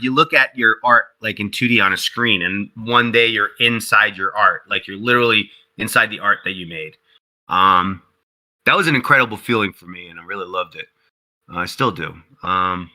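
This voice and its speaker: Bright-voiced, animated man telling stories. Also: rough recording. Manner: animated storyteller who acts out quotes in a higher voice; heavy use of "like" and "you know". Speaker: interview guest, game developer. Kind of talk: casual storytelling interview.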